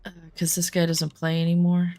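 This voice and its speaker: Gravelly low-voiced woman gaming. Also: monotone, fairly quick, dark tone, faint music behind. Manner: rambling, chatty storytelling. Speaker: gaming streamer. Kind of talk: casual chat while gaming.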